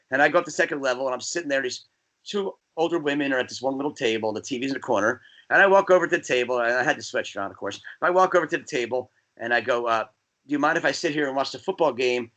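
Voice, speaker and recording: A man from New Jersey, a guest DJ, chatting casually and telling rambling, animated stories. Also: medium pitch. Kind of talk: casual podcast chat.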